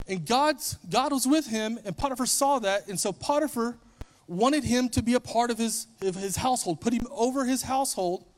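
A man preaching a sermon, retelling a story in a casual, conversational way and briefly acting out the characters. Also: high voice.

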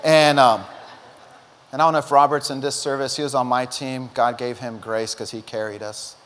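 A man's voice: medium pitch, normal speed, slight background noise. A middle-aged male pastor preaching a sermon, telling stories animatedly and acting out quotes. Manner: animated storytelling, acts out quotes. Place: church auditorium. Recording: long hall reverb.

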